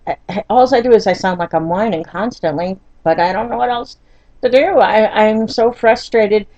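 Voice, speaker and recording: An older woman telling a painful personal story in a vlog, halting and frustrated, often near tears, with many fillers and restarts. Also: mid-range voice, mellow, no room sound, muffled recording. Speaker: vlogger.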